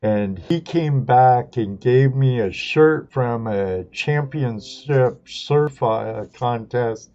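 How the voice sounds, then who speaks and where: A man's voice: medium pitch, takes it slowly, hardly any pauses, a little mellow. A middle-aged man from Southern California, hosting a live stream and rambling through stories, laughing at himself. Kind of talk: casual chat. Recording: dull lo-fi stream audio.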